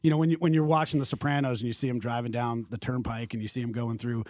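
A man from New Jersey, a guest in a casual sports radio chat, talking quickly and repeating words as he goes. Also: mid-range voice, steady tone, darkish tone, no room sound, clean studio sound. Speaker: studio guest.

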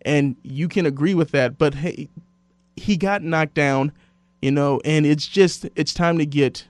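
A man hosting a casual sports podcast, telling stories and quoting others in lively voices. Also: on the high side, a little slow, no room sound. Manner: animated storyteller, quotes others in voices. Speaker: sports radio host.

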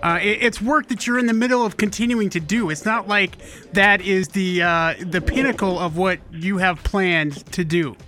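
Man co-hosting radio, bright and measured. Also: high voice, faint music behind. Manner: thoughtful, measured questions with some restarts. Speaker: radio co-host. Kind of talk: radio interview.

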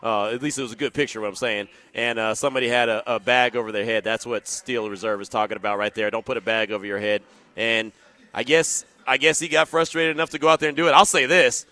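A man's voice: medium pitch, quick pace, sharp tone, no echo. A man hosting a sports talk radio show, chatting casually with joking asides.

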